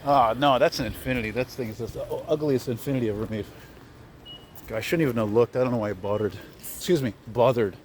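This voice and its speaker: A man's voice: medium pitch, fast. A man rambling chattily as he walks city streets at night, filming on a handheld camera. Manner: rambling, chatty, easily amused. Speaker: vlogger host. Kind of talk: casual walking vlog. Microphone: handheld camera while walking. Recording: noisy street outdoors.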